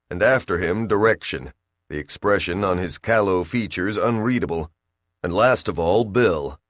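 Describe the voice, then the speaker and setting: Man, audiobook narrator, low voice, steady scripted narration, dry recording. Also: no room sound.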